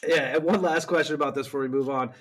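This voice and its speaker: A man's voice: a little high, rapid-fire, over a noisy crowd. A man hosting a casual podcast interview, asking laid-back, chummy questions with casual swearing. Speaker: podcast host.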